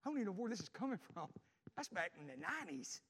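A middle-aged man with a Southern US accent preaching a sermon, telling a family story and repeating lines as he swings from loud to hushed. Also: high-pitched, very animated, fast, vocal fry, husky.

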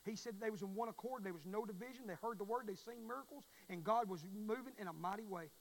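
A man in his forties with a Southern US accent, preaching a sermon in a folksy, emphatic way. He repeats his points and swings between hushed asides and near shouting. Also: high-pitched, fast, creaky, poor audio. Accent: Southern US (Mississippi).

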